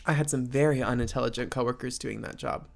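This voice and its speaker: A man's voice: medium pitch, fairly even intonation, quick pace, gravelly. Sarcastic rambling man podcast host. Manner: rambling, sarcastic, many fillers. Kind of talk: casual solo podcast advice.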